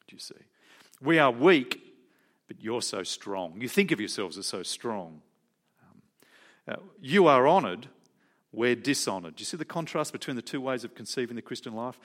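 A man's voice: mid-range voice, lively intonation, moderate pace, pauses often, a bit bright. Male preacher, conversational sermon, questions the congregation.

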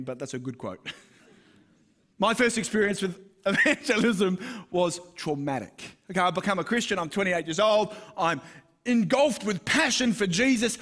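A man's voice: high-pitched, a bit bright. A middle-aged Australian man preaching a sermon in a conversational, self-deprecating storytelling manner. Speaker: pastor.

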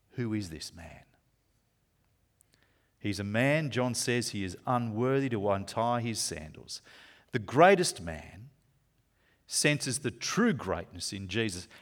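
A man preaching a sermon to a congregation, swinging from loud emphatic lines to slow, hushed asides. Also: mid-range voice.

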